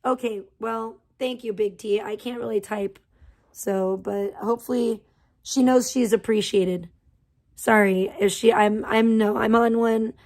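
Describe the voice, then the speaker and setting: Livestream host, woman, angry swearing rant, higher voice. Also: fairly even intonation, measured pace, darkish tone. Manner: profane, heated, venting.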